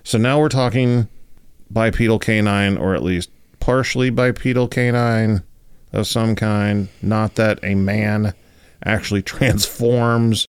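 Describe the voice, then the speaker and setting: A man co-hosting a casual chat, telling stories in a laid-back, drawn-out way. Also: on the low side, fairly even intonation, clear, resonant tone, dry recording, studio quality. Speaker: podcast co-host.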